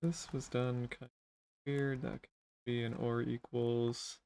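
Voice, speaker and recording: Male streamer, mid pitch, smooth clear voice, relaxed thinking-aloud delivery while coding. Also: unhurried. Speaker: livestream host and programmer. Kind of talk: casual coding livestream chat.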